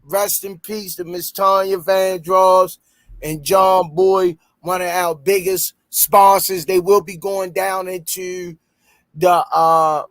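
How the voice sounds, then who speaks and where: A man with a Baltimore accent hosting a casual podcast and reading sponsor shout-outs, loud and playful, breaking into high shouts when he jokes. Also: level tone, takes it slowly, dry recording. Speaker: podcast host.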